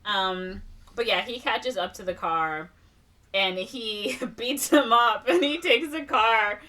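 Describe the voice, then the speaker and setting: On a casual podcast, a young woman co-host animatedly retells a film, slipping into quick character impressions with laughs and fillers. Her fairly high voice is bright and a bit forceful, and she's recorded from a distance, sitting back from the mic.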